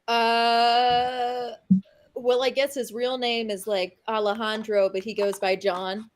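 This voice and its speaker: A woman's voice: a little high, little pitch movement, takes it slowly. A woman playing in a tabletop game, speaking in an easygoing, playful way. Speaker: player.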